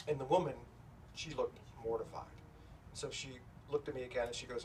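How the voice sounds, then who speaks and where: A man's voice: mid-range voice, a little fast. A middle-aged man telling an anecdote to a live audience at a bookstore event, in a loose, self-deprecating storytelling manner with plenty of fillers. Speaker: author speaking at a bookstore event. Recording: distant, noisy room recording.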